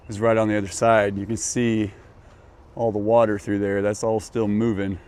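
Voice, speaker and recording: A man chatting casually outdoors on his rural property, joking and talking to his animals. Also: lowish voice. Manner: relaxed, joking, talks to animals. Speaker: homesteading vlogger.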